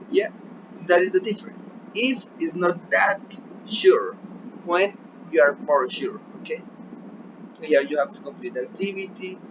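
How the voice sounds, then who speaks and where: A man with a Colombian Spanish accent, a native Spanish speaker, teaching an English lesson remotely and often checking in with "yeah?". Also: medium pitch. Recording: dull lo-fi recording with noticeable background noise.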